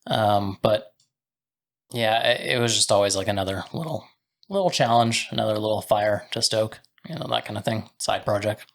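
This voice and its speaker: A man's voice: on the low side, moderate pace, gravelly, fairly bright tone. A man from Canada, a butcher and business co-owner, talking loosely as a podcast guest, with many fillers. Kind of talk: casual podcast conversation.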